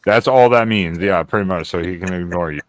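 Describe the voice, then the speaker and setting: A man's voice: low voice, brisk, dry recording. A man co-hosting a casual livestream hangout, blunt and profane, often stumbling over his words. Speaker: co-host.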